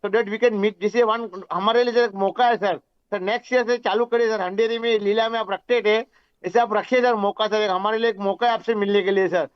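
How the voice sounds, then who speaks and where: A man's voice: high voice, steady tone, very fast, smooth. An Indian man speaking as a shareholder over a video call, deferential, calling everyone "sir" and slipping into Hindi. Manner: deferential, says "sir" constantly, mixes in Hindi. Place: Mumbai. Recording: dull lo-fi call audio.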